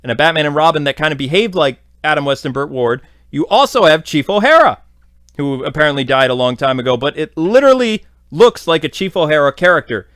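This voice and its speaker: A man's voice: on the high side, animated, fairly quick, a bit bright, dry recording, studio quality. A man hosting a podcast, giving a casual, rambling episode recap full of fillers. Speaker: podcast host.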